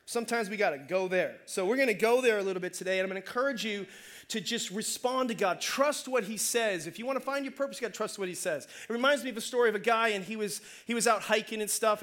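A man preaching a sermon as pastor, conversational and energetic, calling out to the congregation. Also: sits high. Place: church.

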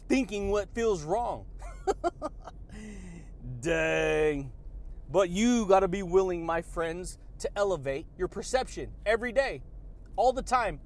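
A man hosting a motivational podcast who talks in an energetic, slangy way and laughs a lot. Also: sits high. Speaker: podcast host. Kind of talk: motivational talk.

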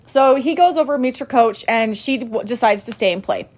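A woman in her thirties tells a family story straight to her viewers. She talks casually and animatedly, full of fillers and quoted back-and-forth. Her voice sits a little on the higher side. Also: normal speed. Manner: chatty, animated, lots of fillers and quoted dialogue. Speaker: vlogger and mom.

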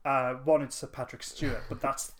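A man's voice: mid-range voice, level tone, moderate pace, a bit bright, a little hiss or hum. A man in casual podcast chat, telling a long story with lots of fillers and restarts. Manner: rambling anecdote with fillers and restarts. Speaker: podcast co-host.

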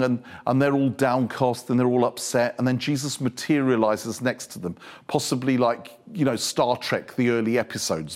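A male preacher giving a humorous, animated sermon full of storytelling. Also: medium pitch.

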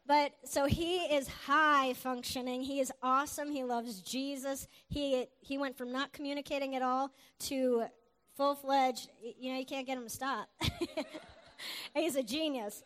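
A middle-aged woman preacher giving an earnest, animated sermon testimony. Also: high-pitched, a little hiss or hum. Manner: earnest, animated, with quick asides and laughs.

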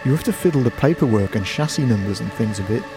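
A man's voice: mid-range voice, expressive, fast, over music, lightly acted. Guy voicing a casual offhand young bloke, bit of a rogue. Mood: breezy.

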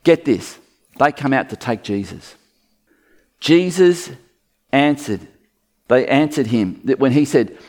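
Lively male preacher with animated pitch. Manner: lively, conversational, acts out quotes. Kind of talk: sermon.

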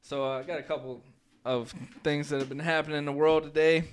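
A man's voice: fairly high pitch, level tone, fairly quick, smooth. A man co-hosting a podcast, trading laid-back, teasing banter in casual chat. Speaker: podcast co-host.

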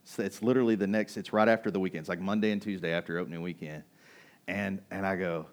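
A man preaching a sermon in a relaxed, conversational way, telling a personal story and turning to ask his congregation questions. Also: deep voice, quick pace. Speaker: pastor. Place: restaurant used as a church hall.

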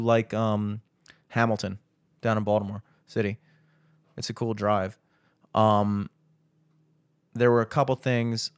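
A young man rambles through a podcast, swearing freely as he rants. His voice sits at an ordinary middle pitch, and the recording is dry and close, with no room echo. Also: smooth. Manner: rambling, profane, ranting. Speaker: podcast host. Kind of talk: casual chat.

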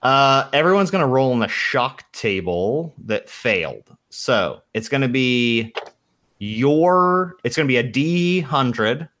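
A man's voice: mid-range voice, animated, takes it slowly, fairly bright tone. A young man running a tabletop game as game master, reading out rules casually and swearing now and then.

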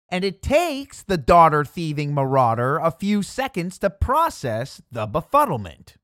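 Pedantic male narrator, slow and showy, swoops wildly in pitch, dry close sound. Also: a bit bright, no room sound. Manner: pompous, pedantic, wordy. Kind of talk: scripted comedic narration.

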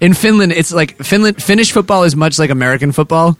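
A man's voice: fairly high pitch, expressive, fast talker, fairly bright tone, no echo. A man hosting a comedy show, rambling playfully through his jokes and poking fun at himself. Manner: playful, rambling, self-mocking. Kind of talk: comedic banter.

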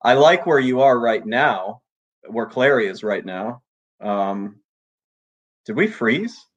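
A man's voice: medium pitch, expressive, slow, breathy edge. Laid-back male co-host reading donations. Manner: laid-back, reads messages aloud and gives blunt advice. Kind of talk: casual late-night chat.

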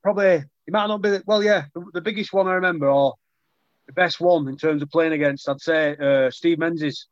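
A man's voice: fairly high pitch, brisk, no room sound, lo-fi sound. Chatty young man. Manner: chatty, self-deprecating, many restarts. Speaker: rugby league player. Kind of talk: casual interview chat.

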